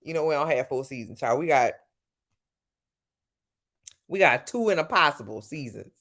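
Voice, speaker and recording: Woman, louisiana accent, casual livestream chat, swears a lot, lively pitch swings. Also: normal speed. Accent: Southern US, Louisiana. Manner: chatty, swears freely, lively shifts in pitch. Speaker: livestream host.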